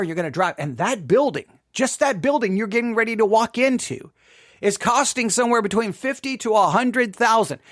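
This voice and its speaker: A man's voice: high voice, a bit bright. A man giving an emphatic monologue to viewers, repeating figures and asking rhetorical questions, his voice cracking. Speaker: Christian commentator.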